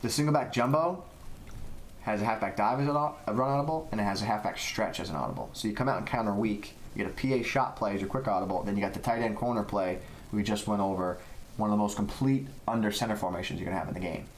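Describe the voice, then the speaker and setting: A man's voice: lowish voice, fast, poor audio. Guy hyped up explaining football video game plays, keeps restarting sentences, bit of hiss. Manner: excitable, emphatic, talks in restarts. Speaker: co-host and gameplay analyst. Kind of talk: casual gaming chat.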